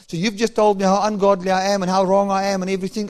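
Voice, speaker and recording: Male preacher, high register, storytelling sermon that acts out the dialogue. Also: flat delivery, rapid-fire, hardly any pauses, a little mellow, clear, resonant tone. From South Africa. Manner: storytelling, acting out dialogue with chuckles.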